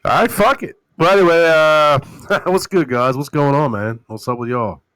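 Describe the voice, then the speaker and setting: A man hosting a call-in talk show, ranting loudly with constant swearing and mocking voices. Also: a little high, moderate pace, smooth, no echo, poor audio. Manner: loud, animated, swearing, mocking impressions. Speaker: host. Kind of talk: profane casual rant on a call-in show.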